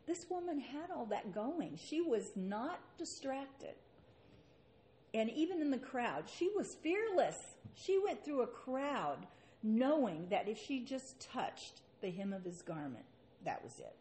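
A woman's voice: on the high side, sing-song, slow, dark tone, slight background noise. A woman preaching a sermon and reading scripture aloud, with an earnest manner and rhetorical questions.

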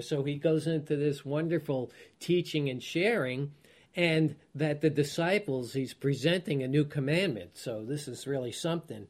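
Here the man's voice is slightly high and moves at a normal speed. Leading a Bible study, he reads passages aloud, then explains them, chuckling often and asking his listeners rhetorical questions to check in.

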